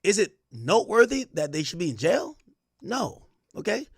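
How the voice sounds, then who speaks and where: A young adult man with a high-pitched, breathy voice speaks at a normal pace while hosting a casual livestream. He's animated, reading chat aloud and ranting in slangy talk. The recording is studio-clean with no room sound.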